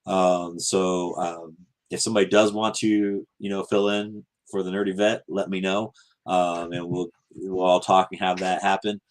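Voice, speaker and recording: A man hosting a casual fan podcast, signing off with frequent ums, earnest and unhurried. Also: sits low, level tone. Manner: many ums and restarts, earnest. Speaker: podcast host. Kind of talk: casual show sign-off.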